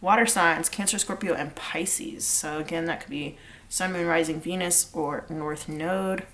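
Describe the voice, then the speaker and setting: A woman's voice: low-pitched, steady tone, unhurried, fairly bright tone. A woman giving a casual pick-a-card tarot reading, chatty and rambling with lots of fillers. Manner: chatty and rambling, many fillers, sings snatches of lyrics. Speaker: tarot reader.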